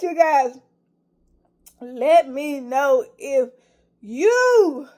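A woman with a high voice chats to camera as a vlogger. She gushes with emotion and rambles through many fillers, talking straight to her viewers. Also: animated, very slow, long pauses, a little mellow. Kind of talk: casual chat to camera.

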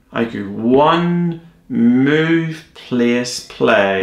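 A man's voice: medium pitch, vocal fry, roomy sound. A man teaching a cello piece in a playful, joking, encouraging way. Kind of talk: music tutorial.

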